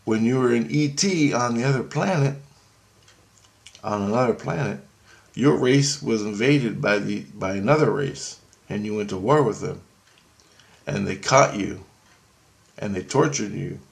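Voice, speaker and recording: A calm divine teacher, as a storyteller voices him, explains things in a measured way. The voice is gravelly and sits low. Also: male voice. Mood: explaining.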